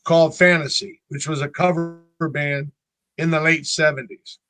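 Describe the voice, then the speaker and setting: A man's voice: on the high side, moderate pace, faint music behind. A man in his sixties from North Carolina, a band member telling stories in a casual interview and acting out the voices of the people in them. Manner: animated storyteller who acts out voices.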